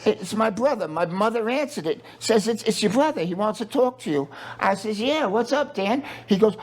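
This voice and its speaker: A man's voice: high voice, expressive, moderate pace, hardly any pauses, husky. A middle-aged man, a guest telling stories in a profane, joking way and acting out the people he quotes. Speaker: interview guest. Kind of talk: casual storytelling.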